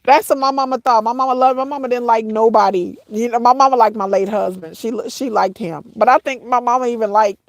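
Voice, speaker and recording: A middle-aged woman talks straight to her viewers, halting and circling back on her words as tears press at her voice. Her tone sits a touch high, and the recording is close and dry with no room sound. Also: no echo. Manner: halting, repeats herself, addresses viewers as y'all. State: tearful, voice breaking at times. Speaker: vlogger. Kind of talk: emotional personal storytelling to viewers.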